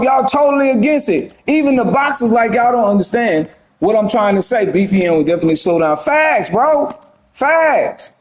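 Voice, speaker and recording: A man giving casual gameplay commentary on a boxing game, slangy and animated, talking straight to his viewers. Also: very high voice, reverberant, rough recording. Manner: animated, slangy, talks to chat. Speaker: gaming streamer.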